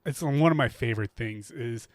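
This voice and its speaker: A man's voice: mid-range voice, moderate pace, dry recording. A young man co-hosting a podcast, chatting casually about a film and laughing easily as he talks. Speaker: podcast co-host.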